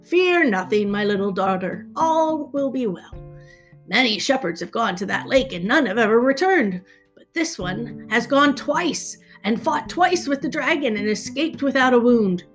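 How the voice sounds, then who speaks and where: A woman's voice: on the high side, expressive, a little slow, faint music behind. A woman voicing a fatherly emperor in a storybook, firm and reassuring.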